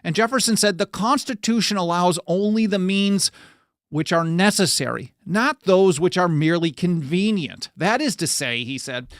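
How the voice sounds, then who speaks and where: This man's voice sits high, and he speaks animatedly at a moderate pace, captured in clean studio sound with no room noise. As a podcast host on a talk show, he walks through history in a chatty way, reading quotes out loud, with plenty of fillers and self-corrections along the way.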